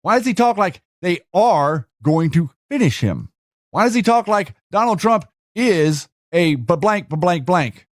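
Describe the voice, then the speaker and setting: A man's voice: high voice, animated, a little slow, no echo. Rambling man with a dry close voice. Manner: rambling, rhetorical questions, many restarts. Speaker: host. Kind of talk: casual commentary while screen-sharing.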